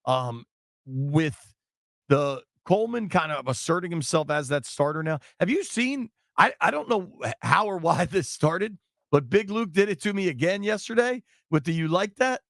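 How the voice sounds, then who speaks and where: A man hosting a sports radio show, chatting excitably with callers and his co-host in a studio. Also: on the high side, normal speed, gravelly, dry recording. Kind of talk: sports talk radio chat. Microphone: studio microphone.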